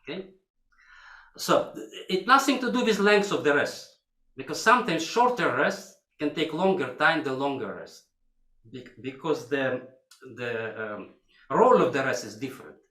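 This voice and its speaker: A man's voice: mid-range voice, lively intonation, normal speed, bright, forceful tone. An older man with a coaching a violinist in a masterclass, singing phrases to demonstrate, in broken English. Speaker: violin teacher. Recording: echoey hall. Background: violin playing.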